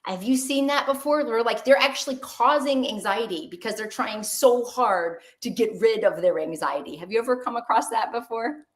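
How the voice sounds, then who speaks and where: A woman doctor giving an online webinar talk in a lively, conversational way, asking the audience questions. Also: a little high, normal speed, few pauses.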